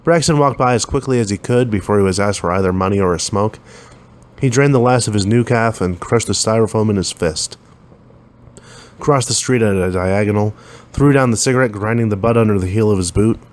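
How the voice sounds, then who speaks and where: A man's voice: fairly low pitch, fairly quick. A man reading a science fiction story aloud, lifting his voice a little for the dialogue. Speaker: narrator.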